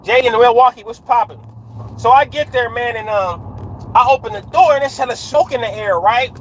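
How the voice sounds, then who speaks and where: At night in his car on a dark road, a man livestreams a story told in street slang, dropping "right?" often and greeting viewers as he goes. His very high voice runs at normal speed, and the low-quality recording carries a little hiss or hum.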